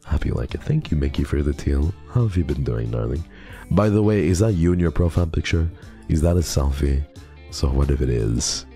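A man streaming a game and reacting in a casual, excitable way, swearing often as he gets flustered. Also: very deep voice, a little fast, faint music behind.

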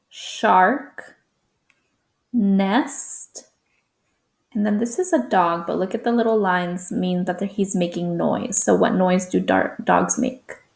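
A woman teacher giving a slow phonics lesson to young children, drawing out words and sounding out letters. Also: medium pitch, creaky, reverberant.

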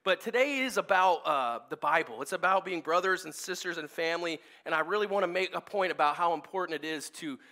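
A man in his forties, a pastor telling personal stories during a sermon in a casual, animated way, full of fillers and restarts. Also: a little high, fairly quick, hardly any pauses. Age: 40s. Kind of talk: storytelling sermon. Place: church service.

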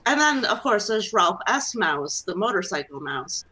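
Woman co-host, playful and whimsical, bright and mid-pitched. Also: big pitch swings, moderate pace. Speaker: charity stream co-host. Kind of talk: casual chat.

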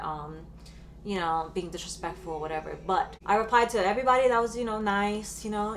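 Chatty woman vlogger, excited bursts. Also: medium pitch, slight background noise. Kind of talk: casual storytelling vlog.

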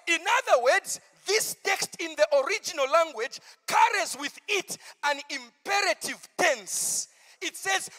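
A pastor preaching a campmeeting sermon, moving from hushed asides to shouted, drawn-out proclamations. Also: male voice, extremely high pitch, long reverb tail.

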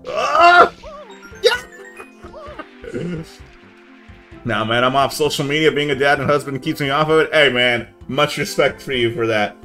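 A young man chatting casually on a live gaming stream, laid-back and saying "man" a lot, yelling now and then at the game. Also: medium pitch, steady tone, fairly quick, few pauses, music in the background.

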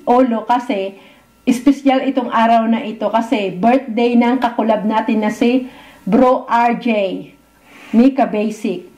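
A woman's voice: a little high, fairly even intonation, normal speed, mellow. A Filipino woman co-hosting a food channel, chatting casually in English and Tagalog and sometimes losing her words. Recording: echoey room.

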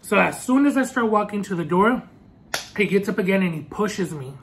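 A man vlogging a personal storytime as he eats, earnest and halting, with many restarts. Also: high-pitched, animated, slight background noise. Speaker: food vlogger. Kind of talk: storytime while eating.

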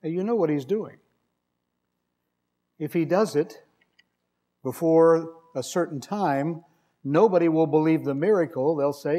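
A man preaching a sermon in a fairly high voice. His delivery is conversational and wry, and he leans hard on key words when he reads scripture aloud. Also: unhurried, pauses often, mellow. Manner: wry, conversational storytelling with emphatic scripture reading.

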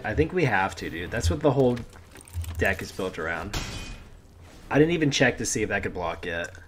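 A man giving casual commentary while playing a card game, chatty and talking to the game with lots of "dude". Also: on the low side. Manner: chatty, pleads with the game, says dude a lot. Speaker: gameplay streamer.

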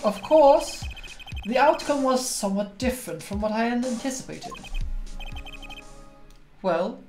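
A woman's voice: on the high side, expressive, unhurried, mellow, pitched above the performer's own voice. A woman voicing a pompous, grieving middle-aged male stage magician in a formal, theatrical way. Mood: solemn. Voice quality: grandiose, formal theatrical delivery. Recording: roomy with game music behind.

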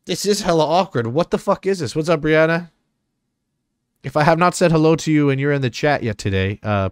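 Young man streaming, loud and swearing. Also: deep voice, clear, resonant tone, dry recording. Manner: loud, swearing, laughing, greeting chat by name. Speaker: streamer reacting to clips. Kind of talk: casual live-stream reaction chat.

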